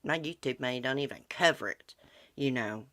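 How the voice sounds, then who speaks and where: A woman's voice: rumbling low, moderate pace, a bit bright. A middle-aged woman hosting a livestream, ranting heatedly in folksy casual talk and answering viewer comments. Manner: heated, indignant, folksy rural talk with swearing. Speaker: livestream host.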